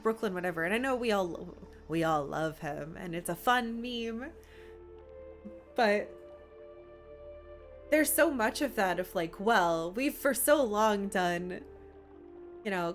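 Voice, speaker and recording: Young woman from Appalachia, casual rambling streamer chat with a middling voice over soft game music. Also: mid-range voice, expressive, a little slow. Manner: chatty and rambling, many fillers. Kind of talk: casual gameplay commentary. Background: faint game music.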